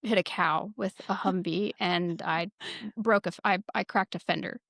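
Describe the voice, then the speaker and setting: A woman podcast host telling a casual story with lots of swearing, lively and laughing as she goes. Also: on the low side, moderate pace, gravelly, dry recording, studio quality. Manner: profane, lively, laughs while telling stories. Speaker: former military security forces sergeant.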